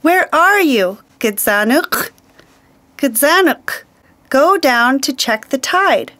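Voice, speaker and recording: A woman's voice: fairly high pitch, lively intonation, slow, a bit bright. A woman voicing Raven, a clever male trickster bird, pleading and then giving orders in a children's story.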